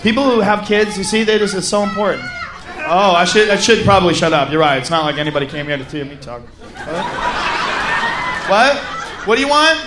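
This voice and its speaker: A man stand-up comedian with a high voice throws crude, loud banter at the audience. A crowd and clear noise are heard behind him throughout. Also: lively intonation, a little fast. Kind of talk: crowd work. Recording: live venue with crowd and noise.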